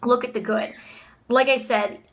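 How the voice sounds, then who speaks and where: A woman in her thirties giving an earnest, upbeat motivational vlog talk, peppered with "like" and quick laughs. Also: a little high, steady tone. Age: 30s. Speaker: vlogger.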